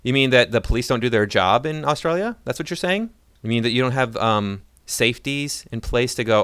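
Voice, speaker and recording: A man's voice: mid-range voice, a little fast, fairly bright tone, clear, resonant tone, no echo. A man ranting in sarcastic, mocking political commentary.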